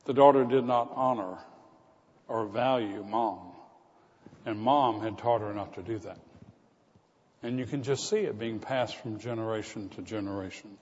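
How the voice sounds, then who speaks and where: Male pastor, mid-pitched sermon voice, long church reverb, muffled recording. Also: normal speed, pauses often, a little hiss or hum. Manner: storytelling preacher, rising to emphatic repetition. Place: church sanctuary.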